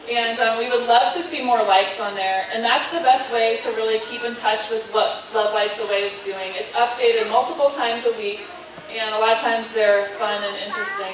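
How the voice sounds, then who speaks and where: A woman volunteer giving an earnest, grateful thank-you speech at a fundraiser, with hesitant fillers, recorded from a distance in a hall. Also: a little high. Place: indoor event hall at a fundraising concert. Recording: very echoey hall, from far off, noisy.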